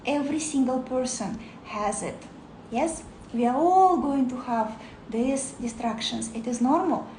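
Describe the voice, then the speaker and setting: A woman meditation teacher talking to camera in a lively, playful way, acting out her students' complaints. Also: high-pitched, unhurried, reverberant, a little hiss or hum, rough recording.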